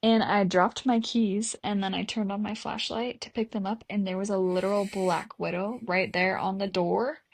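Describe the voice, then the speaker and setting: A young woman co-hosting a casual podcast, telling stories in quick, dramatic bursts over a remote recording. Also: mid-range voice, fairly even intonation, creaky, dry recording. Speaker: podcast co-host. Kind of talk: casual chat.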